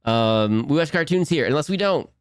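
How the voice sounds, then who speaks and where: A man's voice: a little high, lively intonation, moderate pace, clean tone, no echo, studio quality. A man hosting a cartoon watch-along stream from home at his computer, rambling and giggling as he answers chat. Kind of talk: casual live-stream chat.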